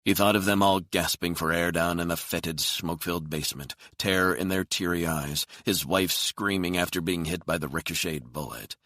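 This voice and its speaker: Man, deep voice, bright tone, thriller audiobook narration, measured, dry studio sound. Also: no room sound.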